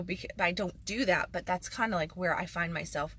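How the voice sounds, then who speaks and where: A woman's voice: lowish voice, moderate pace, creaky, a bit bright, breathy edge. A woman life coach talking frankly and emphatically in a casual video monologue, with sarcastic asides.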